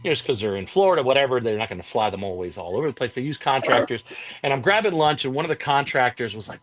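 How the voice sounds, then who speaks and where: A man who works as a wrestling commentator, telling a story as an interview guest in casual talk, acting out the quotes of others with a raised voice. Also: fast talker. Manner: animated storyteller, acts out quotes with raised pitch.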